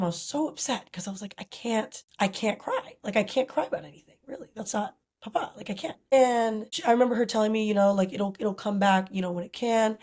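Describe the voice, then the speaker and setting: A woman's voice: mid-range voice, mellow. A young woman from Costa Rica, a podcast guest, talking in an earnest, thoughtful way with frequent "you know" and "like". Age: young adult. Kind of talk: reflective conversational interview.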